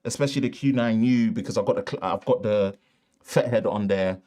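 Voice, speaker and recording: A fairly quick, mellow, lowish male voice hosts a live tech chat stream. He has a Northern English accent and reads the news casually, wandering into asides and restarting lines. The setup is a shotgun mic in a treated home studio.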